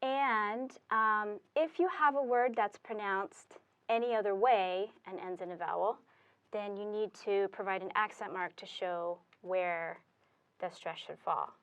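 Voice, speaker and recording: A woman's voice: medium pitch, a bit bright, clear, resonant tone. A woman teaching Spanish, explaining step by step with fillers as she writes on a board. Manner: slow, deliberate explaining with fillers. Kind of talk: classroom explanation at a whiteboard.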